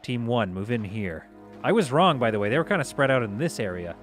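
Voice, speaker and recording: A man commentating live over a space strategy game, giving orders to his crew and reacting out loud as things go wrong. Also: mid-range voice, a little fast, faint music behind. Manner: excitable, talks to himself and his crew while playing. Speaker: gaming streamer.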